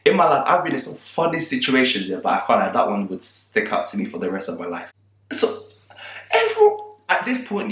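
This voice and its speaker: A young man spins a story with lots of laughs and slang, his pitch swinging up and down as he goes. He talks from a roomy space that echoes. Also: a bit bright. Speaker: vlogger. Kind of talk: storytime vlog. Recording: roomy echo.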